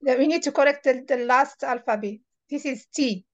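A woman with a high, light voice guides a beginner through a reading lesson as a tutor. She is patient and repeats each word slowly and clearly so the learner can copy it. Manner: patient, repeats words slowly to model pronunciation. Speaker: Arabic tutor.

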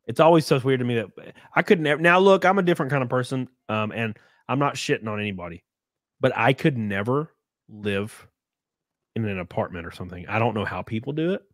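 A man's voice: mid-range voice, lively intonation, fairly quick, no room sound, studio quality. Profane, rambling man in casual chat. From US South. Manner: profane, rambling storytelling with frequent fillers. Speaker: podcast host.

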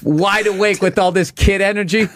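A man telling animated, profane childhood stories as a guest comedian in a studio. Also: high-pitched, normal speed, slight background noise. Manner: animated, profane, laughing through anecdotes. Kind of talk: casual storytelling. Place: radio studio.

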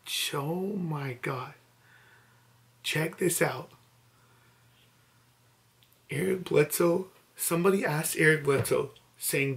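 A man's voice: fairly high pitch, takes it slowly, creaky, long pauses, fairly bright tone. A young man vlogging at home late at night, overwhelmed and teary with disbelief, just woken up. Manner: overwhelmed, emotional, breathless disbelief. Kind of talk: late-night excited selfie vlog.

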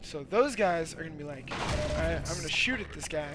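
Hyper young man yelling over gameplay. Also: on the high side, lively intonation, a little fast, heavy background noise. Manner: hyper, goofy, loud outbursts. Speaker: let's play gamer. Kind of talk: energetic gameplay commentary.

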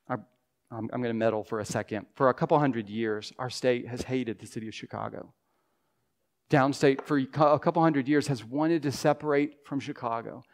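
A man's voice: medium pitch, moderate pace, a little mellow. A male pastor preaching an impassioned sermon in a church, voicing pleading prayers. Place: church sanctuary.

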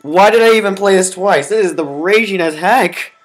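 A gameplay commentator who rages melodramatically at the game, groaning and yelling at every failure. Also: medium pitch, normal speed, faint music behind. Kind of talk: raging let's-play commentary.

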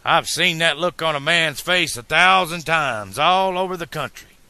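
A man's voice: on the high side, normal speed, sharp tone, smooth, no room sound, pitched above the performer's own voice. A man reading an audiobook, voicing a jovial, concerned traveling barbed-wire salesman.

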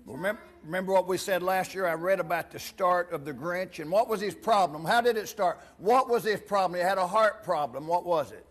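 A man's voice: high voice, a little fast, few pauses. A man serving as pastor gives a playful children's sermon in a church. He asks the kids many questions and reads a storybook aloud. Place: church sanctuary.

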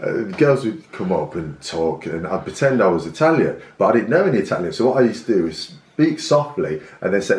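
English male guest, laughing raconteur, animated, roomy recording. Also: lowish voice, brisk, hardly any pauses. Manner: laughing, jokey storyteller. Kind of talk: casual storytelling chat. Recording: echoey room with faint noise.

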